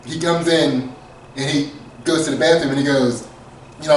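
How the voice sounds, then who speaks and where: A man's voice: a little high, fairly even intonation, normal speed, a little hiss or hum. A man co-hosting a podcast, telling a comedic story casually, laughing often and acting out quotes. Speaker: podcast co-host. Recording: echoey room, far from mic.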